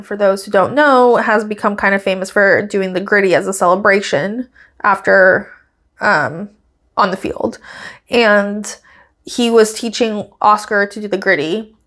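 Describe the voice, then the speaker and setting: A woman hosting a podcast, talking in a casual, chatty, gossipy way. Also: mid-range voice. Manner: chatty and gossipy, many fillers, laughs at her own stories. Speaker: podcast host. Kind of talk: casual chat recapping a race.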